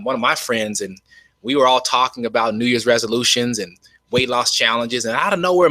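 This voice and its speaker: A man giving an enthusiastic, folksy webinar sales pitch from home, often saying "you all". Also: pushed and bright, no echo. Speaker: network marketing presenter. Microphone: webcam.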